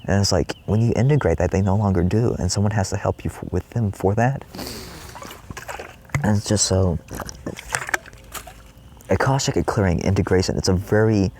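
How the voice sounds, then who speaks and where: Low gravelly-voiced man rambling. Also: mellow, slight background noise. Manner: rambling, swearing, quick reenactments of his own cries. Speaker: spiritual vlogger. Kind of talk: rambling spiritual monologue. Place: his trailer.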